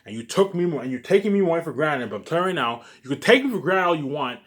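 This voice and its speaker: A male vlogger rants at his audience at a rapid clip, full of profanity and stumbling restarts. His voice jumps between loud, heated outbursts and low, muttered lines. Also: big pitch swings. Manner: agitated, profane, repetitive, with many restarts. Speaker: YouTube vlogger. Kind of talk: ranting monologue to camera.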